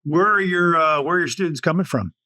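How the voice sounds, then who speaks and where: Man, podcast host, brief encouraging questions, fairly high voice, dry sound. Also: a little fast, bright, forceful tone, dry recording. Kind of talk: podcast interview conversation.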